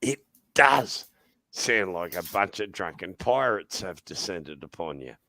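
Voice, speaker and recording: Lively Australian man telling a story. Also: normal speed, no echo. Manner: animated storyteller, laughs a lot, jumps into high voices for quoted people. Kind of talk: casual storytelling chat.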